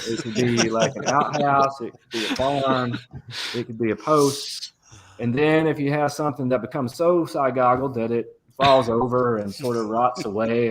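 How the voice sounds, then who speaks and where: A man on a livestream panel, telling unhurried stories and savoring old dialect words. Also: medium pitch. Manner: storytelling, relaxed, relishes folksy dialect words. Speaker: game writer on a livestream panel. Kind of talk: casual livestream chat.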